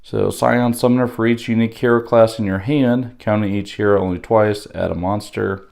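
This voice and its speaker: A man with a fairly low voice, a little hoarse yet still smooth and resonant underneath. He walks through an unboxing in an unhurried, halting way, with frequent pauses and fillers. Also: little pitch movement, a little mellow. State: slightly hoarse from losing his voice. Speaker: board game unboxing host. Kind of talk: casual unboxing walkthrough.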